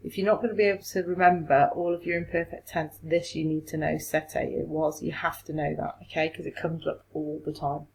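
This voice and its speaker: Woman, lower voice, French teacher, recorded remote lesson, encouraging, step-by-step. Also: level tone, a little fast, hardly any pauses, darkish tone, slight background noise, poor audio.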